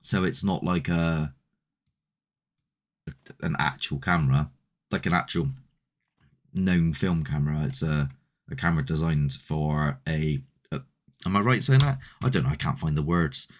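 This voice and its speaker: A man's voice: a bass voice, normal speed, pauses often. A man hosting a paranormal channel, rambling and chatty as he answers viewer comments in a casual live stream.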